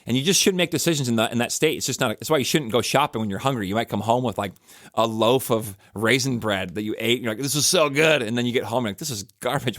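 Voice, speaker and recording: A middle-aged man, a pastor musing in a casual, animated podcast talk full of fillers and restarts. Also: fairly low pitch, dry recording, studio quality.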